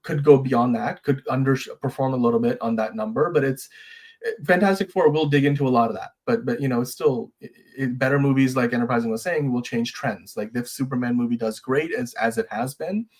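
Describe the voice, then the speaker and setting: A man's voice: medium pitch, brisk, darkish tone. A man hosting a casual live-stream chat, easygoing and agreeable, reading out viewer comments with plenty of fillers. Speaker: show host.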